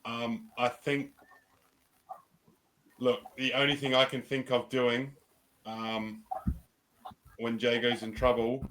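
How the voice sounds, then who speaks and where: A man's voice: medium pitch, level tone, takes it slowly, pauses often, fairly bright tone, rough recording. A man playing a tabletop game, hesitant and thinking aloud, swearing casually. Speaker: player.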